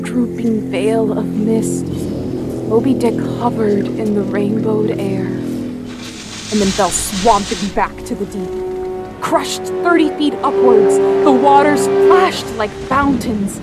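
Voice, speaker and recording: A woman narrating a theatrical audio drama, telling it dramatically and slowing down for suspense. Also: a little high, rough recording. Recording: music bed under the voice.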